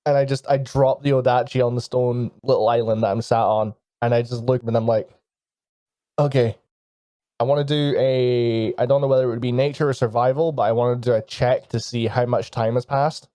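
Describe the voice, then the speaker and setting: A man role-playing his character at a tabletop game, speaking with a dark, mellow voice. The sound is dry and close, with no room around it. He talks slowly and solemnly. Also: mid-range voice, steady tone, no echo. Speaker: player. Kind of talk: in-character role-play and casual table talk.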